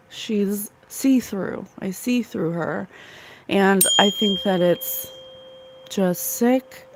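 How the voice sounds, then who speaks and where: A woman's voice: mid-range voice, a little hiss or hum. A woman hosting a psychic livestream, chatting earnestly and emotionally with viewers in the chat. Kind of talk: casual spiritual livestream chat.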